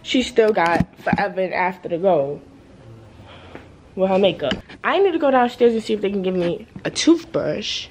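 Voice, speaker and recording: A woman's voice: mid-range voice, expressive, normal speed, a little mellow. A young woman vlogging on a trip, chatting straight to her viewers in a slangy, easygoing way while holding a camera. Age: young adult. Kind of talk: casual vlog chat. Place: travelling through an airport, plane and hotel room. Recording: noisy background.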